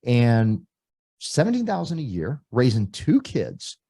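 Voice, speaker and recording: A middle-aged man from Texas, giving an emphatic motivational recruiting speech that swings between loud punches and soft asides. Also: medium pitch, huge pitch swings, a little slow, husky. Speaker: real estate company leader.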